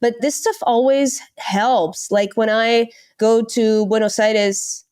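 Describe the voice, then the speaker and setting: A woman in her thirties from the Netherlands, a podcast guest telling animated travel stories and mimicking the people she met. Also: on the high side, slow pace, smooth. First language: Dutch. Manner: animated storyteller who mimics others' voices. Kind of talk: casual interview chat.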